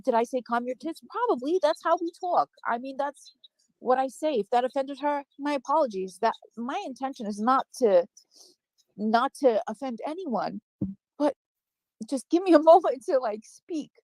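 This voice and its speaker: Woman guest on a stream panel; defensive, rambling, apologetic; voice sits a bit high, dry close mic. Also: expressive, normal speed, a little mellow, no echo, low-quality recording. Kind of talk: live-stream panel chat.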